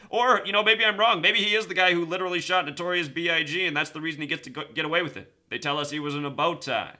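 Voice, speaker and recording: Bright-voiced man rambling to camera. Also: fairly high pitch. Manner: rambling, repeats numbers, talks fast then slows to stress points. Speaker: video host. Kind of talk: casual monologue to camera.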